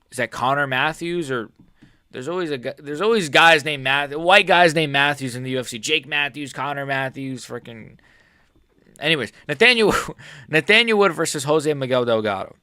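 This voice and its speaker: Excitable, swearing male fight-picks vlogger. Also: medium pitch, dry recording, clean studio sound. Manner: excitable, swears a lot, jokey, self-correcting. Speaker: MMA prediction channel host. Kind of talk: casual fight predictions vlog.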